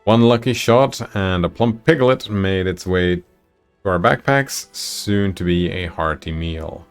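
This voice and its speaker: Low-voiced man reading a text adventure aloud. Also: a little slow, clean tone, faint music behind. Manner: casual, reads narration and chats with viewers. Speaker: streamer.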